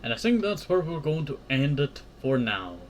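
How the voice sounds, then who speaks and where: A man's voice: a little high, very animated, normal speed, slight background noise. Man chatting and stumbling through a game. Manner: stumbles over words and laughs at himself. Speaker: gameplay host. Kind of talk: casual game playthrough commentary.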